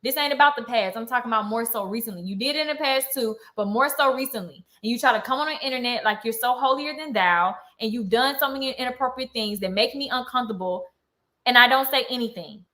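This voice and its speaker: Young woman vlogger, heated live-stream rant, indignant, bright and rather high voice. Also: quick pace. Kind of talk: ranting to camera on a live stream.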